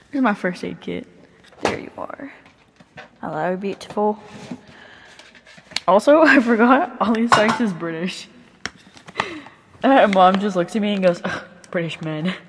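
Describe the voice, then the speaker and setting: A woman's voice: mid-range voice, big-room sound, background noise. A woman in her twenties chatting casually into a close ASMR mic, rambling with lots of fillers and swearing, sometimes dropping to a whisper. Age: 20s. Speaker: ASMR creator.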